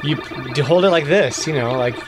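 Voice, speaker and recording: A man's voice: a little high, brisk, noisy background. A man co-hosting a casual show, teasing his partner and joking while they take turns at an arcade game. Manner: teasing, joking, cheering during play. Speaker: podcast co-host. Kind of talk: casual chat while gaming.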